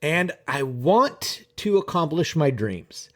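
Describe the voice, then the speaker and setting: Guy productivity coach vlogging to camera, swears a lot, super animated and kinda high-pitched, talks right at you. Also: takes it slowly. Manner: animated, profane, talks straight to viewers. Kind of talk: casual vlog monologue.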